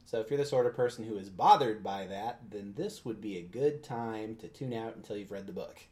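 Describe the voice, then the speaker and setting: A man's voice: on the low side, a little fast, a little mellow. A man co-hosting a casual book podcast, joking with dry sarcasm. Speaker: podcast co-host.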